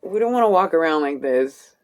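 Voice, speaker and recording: A woman's voice: sits low, expressive, slight background noise. A woman giving a casual live tarot reading, chatty and laughing often, with casual swearing. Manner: slow, drawn-out delivery. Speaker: tarot reader.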